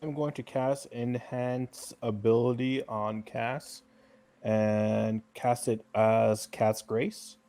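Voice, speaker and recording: A man's voice: medium pitch, fairly even intonation, slow, warm tone. A man playing a tabletop game, explaining spell and rule details to the others. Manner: explains rules helpfully. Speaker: player. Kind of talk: casual tabletop play.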